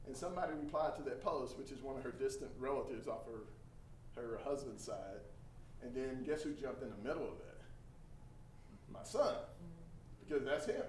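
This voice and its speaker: A middle-aged man from Texas, a trainer giving a lively storytelling talk to a group. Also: medium pitch. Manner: animated storyteller, acts out quoted voices. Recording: echoey room from a distance, faint hum.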